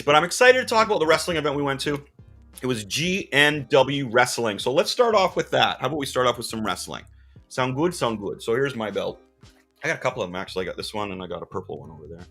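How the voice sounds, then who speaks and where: A man hosting a casual live-stream chat from his comic shop. He is jokey and excitable, with sudden loud bursts. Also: mid-range voice, husky. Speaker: podcast host and comic shop owner.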